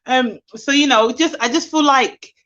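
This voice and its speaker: Woman, bright forceful voice, candid heartfelt live chat, dull lo-fi audio. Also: high-pitched, moderate pace. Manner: candid, heartfelt, reads out comments. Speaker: livestream host. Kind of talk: casual live chat to viewers.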